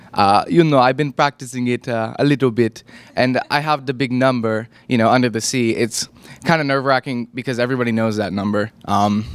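A teenage boy, a high school actor, chatting about his role in a relaxed way. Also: smooth, no echo. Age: teens. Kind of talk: casual interview answers.

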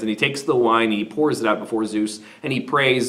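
A man's voice: medium pitch, fairly even intonation, normal speed, hardly any pauses, fairly bright tone. A man teaching literature who summarizes the story in a casual, conversational way.

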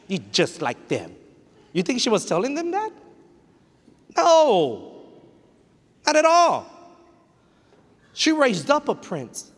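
A man's voice: very high-pitched, wildly swooping pitch, takes it slowly, long pauses, fairly bright tone. A man preaching a sermon as pastor, emphatic and direct, repeating his points and slipping Spanish phrases into his talk. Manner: direct, exhorting, with playful asides. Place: church sanctuary. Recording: long reverb of a church hall.

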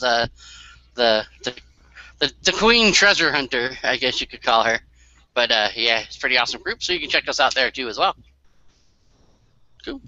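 A man's voice: mid-range voice, pushed and bright, dry recording, highs cut off. A man co-hosting a casual live stream over an online call, loose and chatty with lots of fillers. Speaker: co-host. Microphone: computer mic on an online call.

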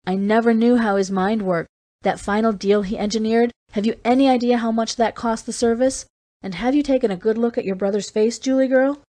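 A woman reading an audiobook, voicing a gruff, blunt male service chief who talks in a growl. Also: on the high side, fairly even intonation, fairly quick, warm tone, pitched above the performer's own voice, natural voice. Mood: reproachful.

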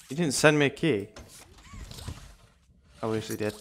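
A man's voice: medium pitch, unhurried, pauses often, a little hiss or hum. Nervous male VTuber muttering through gameplay. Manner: nervous, talking to himself, muttering. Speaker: VTuber streamer. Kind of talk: live gameplay commentary.

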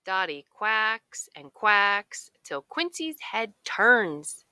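Slow, expressive woman reading a picture book. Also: medium pitch, clean tone, dry recording. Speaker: narrator. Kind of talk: children's picture book read-aloud.

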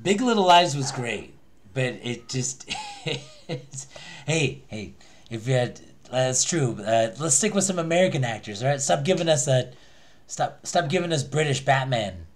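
A man co-hosting a casual comedy chat, laughing often between quick quips. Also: mid-range voice, very animated. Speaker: co-host.

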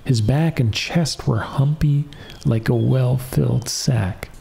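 A man calmly reading a fairy tale as a soft-spoken bedtime story. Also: medium pitch, slow, vocal fry, slight background noise.

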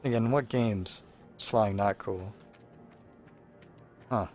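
A man's voice: fairly low pitch, slow pace, a little mellow, faint music behind. A man giving casual, sarcastic, rambling commentary while playing a video game. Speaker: let's play host.

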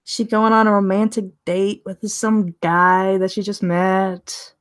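A woman's voice: mid-range voice, level tone, slow pace. A woman casually reviewing a tarot deck on a live stream, chatting and laughing often as she gushes over the cards.

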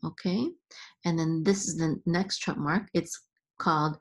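A woman teaching Hebrew reading in a patient lesson, sounding out syllables slowly and chanting the accent marks. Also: lowish voice, slightly rough.

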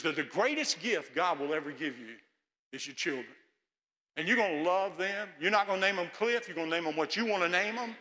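Older pastor preaching in a reverberant church. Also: male voice, high voice, lively intonation, fairly quick. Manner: storytelling, acting out prayers in hushed pleading tones. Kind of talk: sermon. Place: large church sanctuary.

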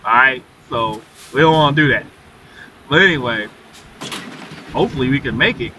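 A man with a bright, forceful voice chats through a live gameplay stream from inside his truck cab. He talks loosely to his viewers and bursts into excited whoops. He sits back from the mic, with a faint engine hum underneath. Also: mid-range voice, normal speed, long pauses, recorded from a distance, poor audio. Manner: chatty, addresses viewers as y'all, excited exclamations. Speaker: livestreamer. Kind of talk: casual gameplay commentary.

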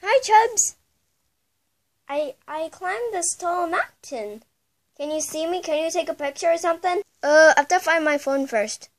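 A woman's voice: very high-pitched, measured pace. A woman voicing a cheerful little male pet friend in a raised, eager voice. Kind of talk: toy play-acting.

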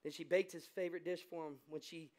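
This American male pastor talks fast, his voice on the high side and his tone steady. His sermon moves between quiet asides and loud, fervent exclamations, and he acts out quoted voices.

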